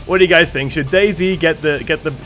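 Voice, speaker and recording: A man commentating a live game stream with excitable energy and a slightly strained voice, thanking viewers as he goes. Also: fairly high pitch, fast talker, faint music behind.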